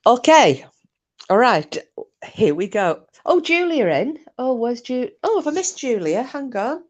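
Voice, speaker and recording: A woman's voice: a little high, very animated, unhurried. A woman hosting a casual livestream, chatty and giggly, greeting viewers and reading their chat messages aloud with self-mocking humour. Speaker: livestream host.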